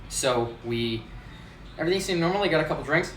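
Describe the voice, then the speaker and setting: A man's voice: a little high, brisk, soft background music. A man, a bartender hosting his own show, telling a story casually, laughing often and acting out what people said. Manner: animated, laughs often, acts out quotes. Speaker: bartender and host. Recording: roomy, distant mic, faint ambience.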